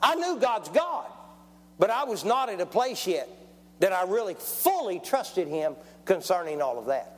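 A man's voice: high-pitched, big pitch swings, measured pace. A man, preaching a testimony sermon in a folksy storytelling way and calling for amens. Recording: long church hall reverb.

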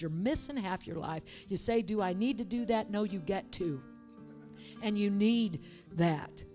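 A woman's voice: mid-range voice, a little mellow. A woman preacher leading a church service, urging and coaxing the congregation in a fervent, repetitive way. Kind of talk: sermon with altar call.

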